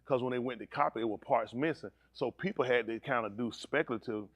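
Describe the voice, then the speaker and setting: A male pastor preaching a sermon, swinging between low, steady teaching and high, shouted preaching, teasing members of his congregation. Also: fast, no echo.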